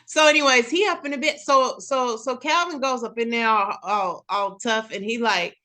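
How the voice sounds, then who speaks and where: A woman hosting a casual recap chat, telling the story with lively acted-out quotes. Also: sits high, moderate pace. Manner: animated storytelling, acts out characters' lines. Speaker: show recap host.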